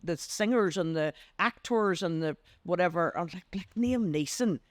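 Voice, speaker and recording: An older woman with a Northern Irish accent, a business coach being interviewed on a podcast, telling stories with lively acted-out voices. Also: moderate pace, no room sound, clean studio sound. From Northern Ireland. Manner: animated, acts out quoted voices with big pitch leaps. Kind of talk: podcast interview, anecdotal storytelling.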